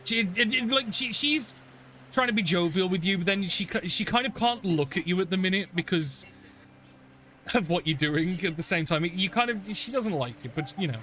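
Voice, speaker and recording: A man's voice: high-pitched, lively intonation, moderate pace, sharp tone. A man narrating as dungeon master in a tabletop game, rambling with many fillers and restarts. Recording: faint background noise.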